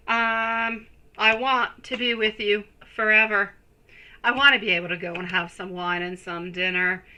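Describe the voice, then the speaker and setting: A woman hosting a live tarot reading stream, speaking slowly and affectionately to her viewers. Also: mid-range voice, sharp tone, a little hiss or hum, low-quality recording. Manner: slow, soothing, affectionate toward viewers.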